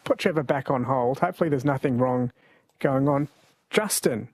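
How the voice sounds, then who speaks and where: A man's voice: mid-range voice, normal speed, a little mellow, husky, no room sound. An Australian man hosting a radio quiz show, chatty and jokey, laughing often. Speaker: radio host. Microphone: studio mic.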